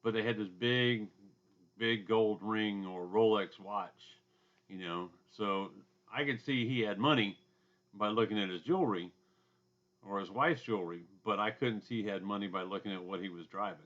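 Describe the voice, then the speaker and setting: A man with a loud booming voice and a drawl, giving a casual recorded lecture from his home basement, with asides and throat clearing. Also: normal speed, lo-fi sound. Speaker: instructor.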